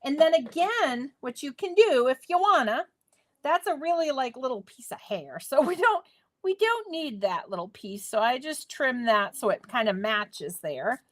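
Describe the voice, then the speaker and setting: A woman's voice: high-pitched, very animated, moderate pace. A woman hosting a live crafting tutorial from her home craft space, chatting playfully with viewers as she works. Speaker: craft demo host.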